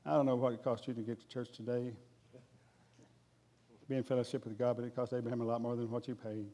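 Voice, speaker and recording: A man's voice: medium pitch, little pitch movement, fast talker, warm tone, in a large hall. A man preaching a humorous sermon in a folksy, jokey way. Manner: folksy, jokey, addresses crowd as guys.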